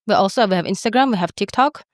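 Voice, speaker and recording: A woman's voice: mid-range voice, quick pace, no echo, studio quality. A woman co-hosting a podcast in casual chat, candid and profane, with lots of filler words. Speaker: podcast co-host.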